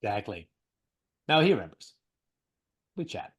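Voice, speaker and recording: A man co-hosting a casual podcast, animated and joking, laughing often and rambling through news. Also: fairly low pitch, moderate pace, slightly rough. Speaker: podcast co-host. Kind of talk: casual chat.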